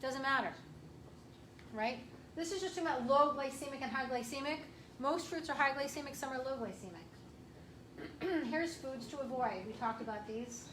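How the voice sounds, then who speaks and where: A woman chiropractor giving a casual, emphatic health workshop talk to an audience, clearing her throat often. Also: sits high, moderate pace, a bit bright. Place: room with an audience. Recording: echoey room from far off, faint hiss.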